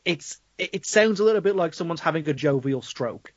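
A man's voice: fairly high pitch, expressive, a little fast, no room sound, dull audio. Sweary Black Country man ranting about films. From Black Country, England. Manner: sweary, ranting, laughing often. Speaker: podcast co-host. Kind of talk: casual film review chat.

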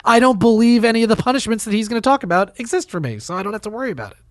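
A man's voice: sits high, animated, rapid-fire, no echo, studio quality. A man co-hosting a podcast, chatting casually and bluntly about politics, swearing and laughing often. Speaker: podcast co-host.

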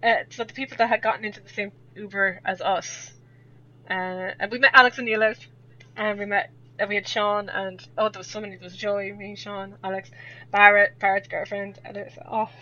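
A woman's voice: medium pitch, flat delivery, fairly quick, pushed and bright. A young Irish woman telling a rambling story in casual chat, laughing often as a podcast guest. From Ireland. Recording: dull lo-fi audio.

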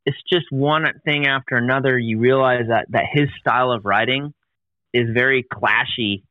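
A man's voice: medium pitch, normal speed, no echo. Rambling man, muffled dry sound. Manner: rambling, restarts often, laughs easily. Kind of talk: casual chat.

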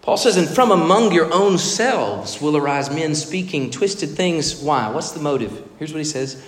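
A man preaching a sermon, expressive and emphatic, now and then acting out the voices in the stories he tells. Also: on the high side, moderate pace, few pauses. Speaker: pastor. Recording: echoey hall reverb.

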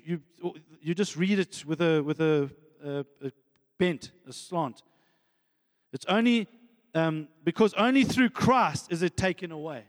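High-voiced preacher in a reverberant hall. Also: male voice. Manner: fervent preaching, repeats "friends" and "amen". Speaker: pastor. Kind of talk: sermon.

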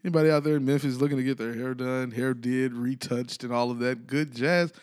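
A man's voice: medium pitch, fairly even intonation, a little fast, a little mellow. A man hosting his own podcast in loose casual chat, rambling and breaking off to restart his thoughts. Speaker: podcast host.

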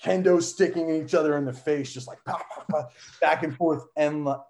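A man telling a childhood story in casual chat, animated, with lots of fillers and frequent laughter. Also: fairly high pitch, normal speed. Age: adult. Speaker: guest, son of a wrestler.

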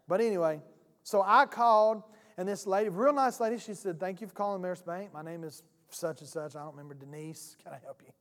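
A man preaching a sermon, a pastor telling a folksy story and acting out both sides of a phone call. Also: high voice. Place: church sanctuary. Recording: church hall reverb.

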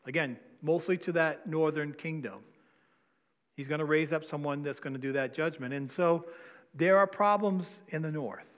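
Male pastor, chatty sermon delivery, a bit high-pitched, big reverberant sanctuary. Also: normal speed, highs cut off. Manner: conversational preaching, asks congregation questions. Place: church sanctuary. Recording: long hall reverb.

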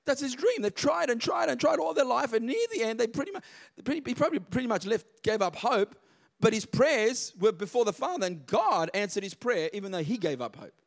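A man's voice: extremely high pitch, sing-song, brisk, gravelly. A man preaching a sermon, emphatic and repeating words for stress.

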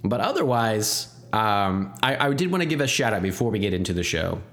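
A man's voice: on the low side, lively intonation, a little fast, fairly bright tone. A man hosting and editing a podcast, chatting in a playful, joking way into a podcast microphone. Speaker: podcast host and editor. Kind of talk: casual podcast chat.

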